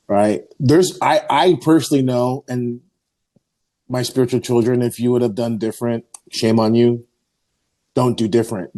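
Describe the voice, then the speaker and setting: A man's voice: medium pitch, dark tone. A man, an Orthodox priest and podcast host, telling a rambling story in casual chat, full of fillers and acted-out quotes. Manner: rambling, many fillers, acts out quoted voices.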